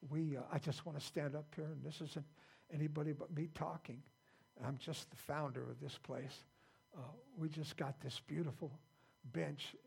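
A man's voice: on the high side, creaky, darkish tone, slightly rough. An older man preaching an informal sermon as the founder of his church, plain-spoken and folksy, often repeating himself.

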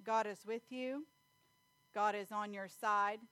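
A woman's voice: mid-range voice, steady tone, slow, pushed and bright, no room sound. A woman preaching a folksy sermon, telling family stories and reading scripture. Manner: folksy storytelling with Bible reading, laughs often.

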